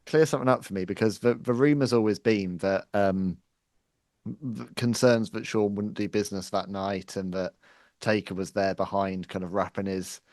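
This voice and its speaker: Podcast host, lowish voice, dry close sound, curious and thorough. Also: male voice, fairly even intonation, normal speed, darkish tone, no room sound. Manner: curious, detailed questions, brief backchannels. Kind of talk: interview questions.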